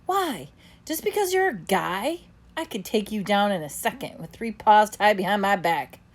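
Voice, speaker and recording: A woman's voice: medium pitch, lively intonation, moderate pace, close to an everyday voice. A woman voicing a bossy, tough young female dog who talks back to her brother in a storybook reading. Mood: defiant. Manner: sassy, scrappy, defiant.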